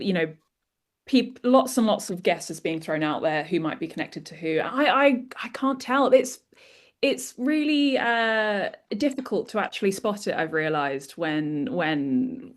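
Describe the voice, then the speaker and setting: A woman's voice: medium pitch, expressive, unhurried. A woman guest co-hosting a podcast, chatting in a friendly, self-deprecating way with some hesitant restarts. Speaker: guest co-host. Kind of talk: casual podcast chat.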